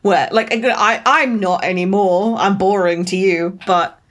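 A woman's voice: medium pitch, steady tone, measured pace, a bit bright. A British woman co-hosting a casual book podcast, joking dryly and laughing often. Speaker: podcast co-host. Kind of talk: casual book discussion chat.

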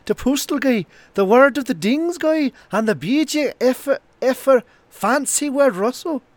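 A man's voice: expressive, unhurried, no room sound. A man putting on an Irish accent to voice a drunk, slurring Irishman while reading a listener review aloud on a podcast. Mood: boozy. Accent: Irish, put on. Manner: slurred, high and loud.

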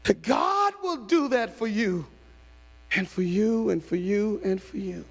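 A man pastor preaching a sermon, shifting from hushed storytelling to shouted calls. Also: high-pitched, expressive, a little slow, gravelly. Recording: long hall reverb.

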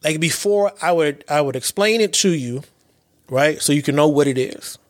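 A man in his late thirties hosting a podcast, talking through his thoughts in a casual, animated way, with repeats and slang. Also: a little high, normal speed, dry recording, studio quality. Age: late 30s. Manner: animated storyteller with repetitions and slang. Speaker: podcast host. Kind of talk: casual reflective monologue.

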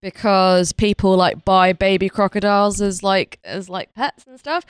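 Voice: mid-range voice, a little slow, clean tone, dry recording, studio quality. A podcast co-host telling stories in casual comedic banter, laughing often along the way. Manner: laughs often, lively storytelling.

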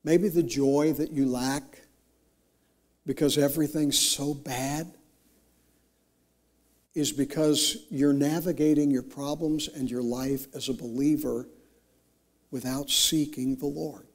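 A man preaching a sermon with slow, emphatic delivery, rising to impassioned peaks and dropping to near whispers. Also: fairly high pitch, darkish tone. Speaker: pastor.

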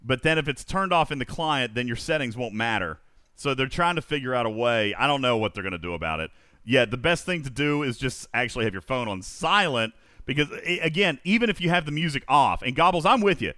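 A man hosts a casual livestream and works through viewer questions. His pitch swings widely as he rambles. The voice has a bright, forceful edge and sounds dry and close to the mic. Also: fairly quick, no echo. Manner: animated, rambling, reads out chat questions. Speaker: livestream host answering chat questions.

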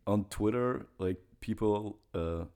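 A man's voice: on the low side, slow, dark tone. A man from Russia, a guest in casual podcast chat, hesitant with many fillers. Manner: hesitant, many fillers and restarts, laughs at own jokes.

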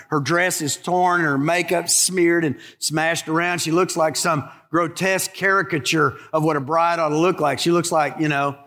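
A male pastor with a slightly high, somewhat bright voice preaches a sermon in a folksy, conversational style. He hammers his points home through emphatic repetition.

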